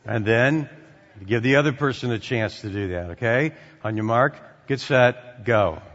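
A male pastor preaching a sermon, swinging from loud animated passages to quiet conversational asides. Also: medium pitch, measured pace, in a large hall, highs cut off. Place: church sanctuary.

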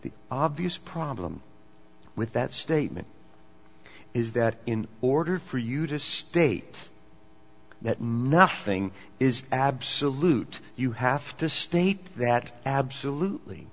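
Male preacher, mid pitch, emphatic then hushed; long hall reverb, muffled lo-fi sound. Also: expressive, slow pace. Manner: swings between emphatic and hushed delivery. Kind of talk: sermon. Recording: dull, echoey hall recording.

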